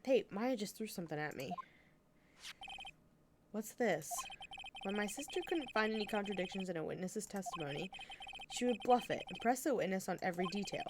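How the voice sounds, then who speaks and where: A woman's voice: medium pitch, animated, a little fast, long pauses, very noisy, lightly acted. A woman voicing a nervous young male defense lawyer, speaking hesitantly with small stammers.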